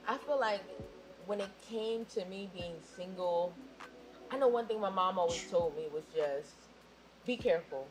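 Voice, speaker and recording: A woman's voice: mid-range voice, normal speed, rough recording. A young woman co-hosting a podcast, frank and slangy, giving dating advice in a casual chat. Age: young adult. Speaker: podcast co-host.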